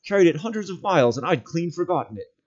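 A man doing a loyal, excitable hobbit servant. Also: fairly high pitch, quick pace, voice pushed up. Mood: excited. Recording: dull lo-fi sound.

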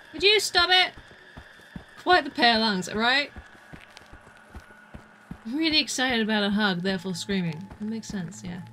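A woman streamer giving live gameplay commentary, chatty and self-narrating, breaking into excitable yelps. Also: mid-range voice, low-quality recording. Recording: background noise under voice.

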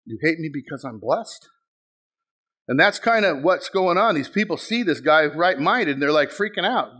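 A middle-aged male pastor preaching a sermon, telling stories with sudden shouted bursts and acted-out quotes. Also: on the high side, normal speed. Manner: animated storytelling, bursts into shouts, acts out quotes.

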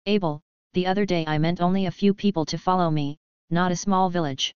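Dry fed-up immortal guy, read by a woman, low smooth voice, muffled-ish dry sound. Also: fairly even intonation, brisk, darkish tone, no echo, lightly acted. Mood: exasperated. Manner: dry, exasperated. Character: weary, sardonic immortal man. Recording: dry, dull lo-fi.

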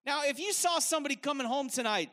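Guy preaching on stage, really high voice, casual and punchy, lots of "like". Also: expressive, fast talker, pushed and bright. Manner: casual, filler-heavy, emphatic. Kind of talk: live sermon. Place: stage at a worship event.

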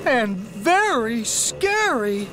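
A man's voice: very high-pitched, big pitch swings, very slow, over music, pitched above the performer's own voice, full character voice. A man voicing a kindly older male cartoon engine who is timid and easily frightened. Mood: nervous. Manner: nervous, fretful.

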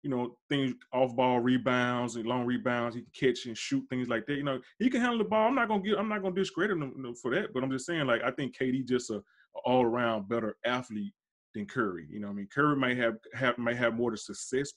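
A man hosting a casual podcast talks basketball at a rapid clip, full of slang and emphasis. His voice sits in a middle range but climbs high whenever he insists on a point. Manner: fast, emphatic, slangy, rising sharply when insisting. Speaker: podcast host. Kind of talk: casual sports debate.

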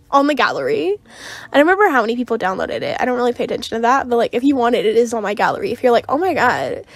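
A young woman rambling casually as she talks over a game build video, with lots of fillers and small laughs. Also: a little high. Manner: rambling, filler-heavy, giggly. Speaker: game streamer.

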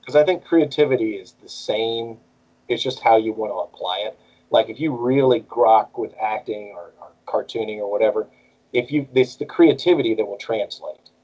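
A man's voice: fairly low pitch, moderate pace, muffled recording. A man who voices cartoons, chatting casually as an interview guest and jumping between bits of character voices. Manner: animated, jumps into character voices. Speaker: voice actor guest.

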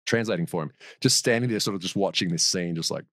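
A podcast guest tells a long, meandering story casually, restarting sentences and laughing along the way. His voice is low but fairly bright, he talks fast, and there's no room sound.

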